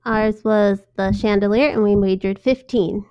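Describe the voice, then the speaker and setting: A woman's voice: medium pitch, fairly even intonation, normal speed, smooth, no echo, highs cut off. A woman playing in a trivia game, giggly and laughing often as she answers. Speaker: trivia contestant. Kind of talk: casual game chat.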